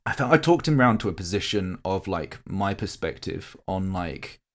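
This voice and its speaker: A low-pitched yet fairly bright male voice with sing-song delivery moves at normal speed. He's a podcast co-host, tearing up while casually recounting a live-action roleplay event in a long, rambling, heartfelt story thick with fillers and restarts.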